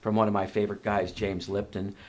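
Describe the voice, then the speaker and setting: A man's voice: fairly low pitch, little pitch movement, a little fast. A middle-aged man hosting a casual interview podcast in a library conference room, chatty and affirming. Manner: chatty, folksy, affirming with short replies. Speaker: podcast host.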